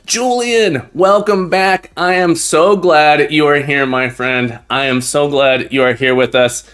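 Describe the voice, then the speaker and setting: An upbeat man hosts a casual live stream from a room at home. His voice sits a little high, and he chats warmly with viewers, often repeating his phrases. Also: a little slow, clear, resonant tone. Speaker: live-stream host and teacher.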